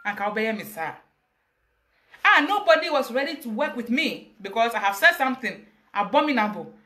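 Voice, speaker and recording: Passionate high-voiced Ghanaian woman. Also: very animated, brisk, bright, forceful tone. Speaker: interview guest. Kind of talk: emotional personal account.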